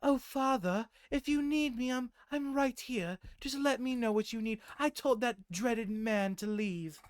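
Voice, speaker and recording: A man voicing a curt, sharp-tongued young woman who swears at the party. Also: extremely high pitch, unhurried, smooth, no echo, voice pushed up. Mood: mimicking sweetly. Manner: snappish, rude, swears.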